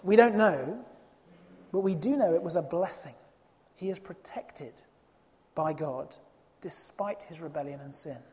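A preacher giving an emphatic sermon, voice at a middling pitch, ringing out with a long hall reverb. The delivery is expressive and leans on rhetorical questions to drive points home.

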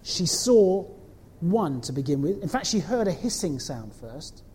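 A woman telling a story to children in an animated way, asking them questions as she goes. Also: fairly low pitch, a little slow, breathy edge, big-room sound. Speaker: children's talk leader.

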